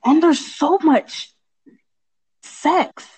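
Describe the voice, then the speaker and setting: A woman's voice: high voice, extremely slow, darkish tone. A teenage girl in casual chat with a friend, giggly and trailing off mid-sentence. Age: teens. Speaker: co-host friend. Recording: dull lo-fi sound.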